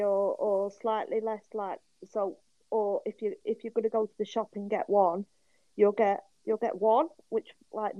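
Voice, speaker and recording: A woman's voice: medium pitch, no echo, phone-quality sound. A woman, chatting casually as a podcast guest, rambling with restarts. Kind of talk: casual chat.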